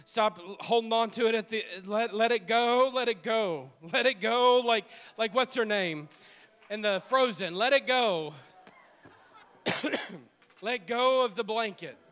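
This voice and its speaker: High-pitched, bright-voiced preaching man. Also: measured pace, clean tone. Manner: impassioned, repetitive preaching cadence. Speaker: pastor. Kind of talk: preaching a sermon. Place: church sanctuary.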